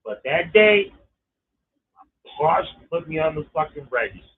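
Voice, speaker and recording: A man's voice: a little high, big pitch swings, moderate pace. Profane middle-aged man on a tinny line. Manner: profane, exasperated storytelling. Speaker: storyteller. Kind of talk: casual personal anecdote.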